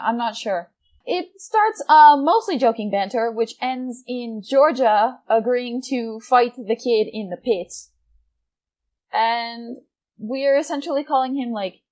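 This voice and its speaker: Animated young woman telling a story. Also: sits high, unhurried. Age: 20s. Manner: animated, swears casually, breaks into laughter. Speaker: gaming vlogger. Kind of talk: casual storytime narration.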